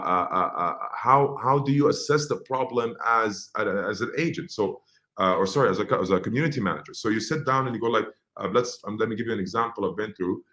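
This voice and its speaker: A man's voice: on the low side, fairly bright tone. A man from Egypt speaking in a business webinar, conversational, with frequent fillers and restarts. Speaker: webinar speaker on social media marketing.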